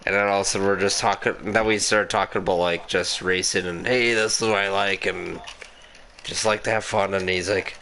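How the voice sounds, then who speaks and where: A man's voice: deep voice, fairly even intonation, fairly quick, gravelly, bright, forceful tone, a little hiss or hum. A man with an Upper Midwest American accent, telling rambling gaming stories in casual chat, swearing and laughing a lot. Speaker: gaming podcast host.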